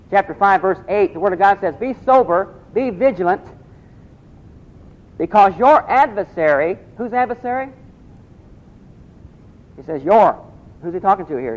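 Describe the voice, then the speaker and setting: A man's voice: high voice, darkish tone. A man preaching a sermon, asking the congregation questions and repeating key phrases. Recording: dull lo-fi recording.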